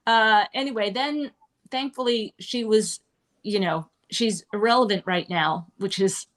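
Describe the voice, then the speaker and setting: A middle-aged woman from Manhattan, New York, appears as a guest performer in a casual interview live-streamed from a restaurant. She rambles, full of fillers and asides, in a mid-range, slightly bright voice at a slightly slow pace.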